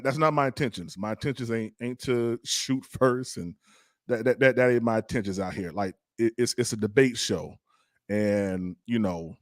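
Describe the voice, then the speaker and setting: A man's voice: medium pitch, no room sound, clean studio sound. A man, a pastor defending himself in a casual debate, stammering and laughing things off. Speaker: pastor and podcast guest.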